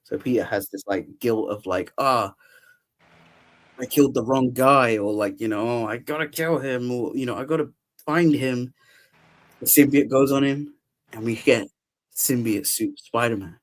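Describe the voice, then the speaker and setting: A man's voice: medium pitch, moderate pace. A young man hosting a podcast, casually recapping a film with lots of laughter and acted-out quotes. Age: young adult. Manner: animated, laughs often, acts out quotes. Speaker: podcast host. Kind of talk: casual movie recap chat.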